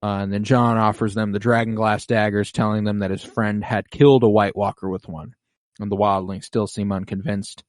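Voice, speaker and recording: A man's voice: on the low side, flat delivery, normal speed, no echo, studio quality. A man co-hosting a podcast, recapping an episode in casual chat and swearing freely. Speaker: podcast co-host.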